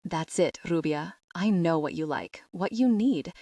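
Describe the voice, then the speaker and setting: A woman narrating the part of a commanding man, speaking low and murmured, sure of himself and possessive. His voice sits in a fairly low register and sounds close and dry, with no room around it. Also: expressive, unhurried, mellow, dry recording.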